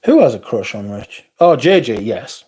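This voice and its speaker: A man hosts a casual livestream, working through viewer comments as they come in. His voice sits at an everyday middle pitch. He answers with a blunt, sardonic edge and swears freely. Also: very animated, normal speed, warm tone, husky. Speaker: livestream host.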